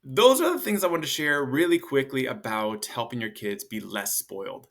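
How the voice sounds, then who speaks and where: A man in his thirties talks through parenting tips in a loose, chatty way, with plenty of fillers. His pitch sits in the middle for a man. Now and then he lifts his voice to play out what a parent or child might say. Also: lively intonation, normal speed, fairly bright tone. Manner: loose and chatty, acts out parent and kid lines in a higher voice. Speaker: parenting coach. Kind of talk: casual advice talk to camera.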